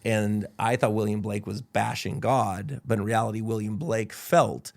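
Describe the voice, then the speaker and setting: Gravelly-voiced man telling a story. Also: lowish voice, normal speed. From Idaho, United States. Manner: animated, quotes people in character. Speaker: podcast guest. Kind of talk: casual storytelling.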